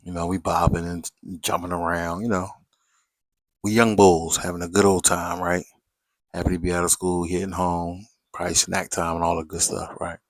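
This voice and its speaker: Low-voiced slangy man. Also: level tone, moderate pace, no echo. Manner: slangy, chatty, repeats "right?" and "you know". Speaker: storyteller. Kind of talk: casual storytelling to viewers.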